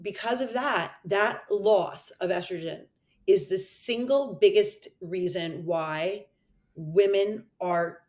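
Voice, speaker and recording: A woman doctor speaking as a podcast guest, animated and emphatic with quick asides. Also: mid-range voice. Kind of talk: podcast interview.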